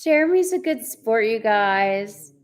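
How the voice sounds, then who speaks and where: A woman's voice: on the high side, expressive, slow pace. Chatty woman live-streaming. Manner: chatty and bubbly, greets viewers by name, laughs often. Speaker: co-host of a live chat stream. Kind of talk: casual live-stream chat reading viewer comments.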